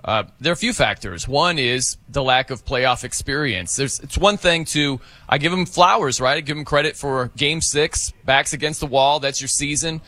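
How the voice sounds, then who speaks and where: Man, sports radio host, high voice, bright tone, jokey, playful. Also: moderate pace, hardly any pauses, no room sound. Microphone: studio microphone.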